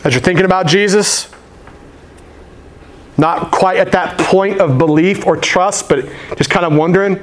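A male pastor delivering a sermon in a loose, slangy voice that sits a little high. He tells his stories with animated energy and talks to the crowd like friends. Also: normal speed, long pauses. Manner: casual, slangy, animated storytelling.

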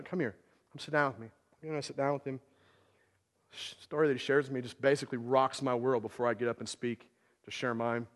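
A man preaching a sermon in a casual storytelling way, full of fillers and "right?" asides. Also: fairly high pitch. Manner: conversational, filler-heavy, keeps asking "right?". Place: church hall. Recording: long hall reverb.

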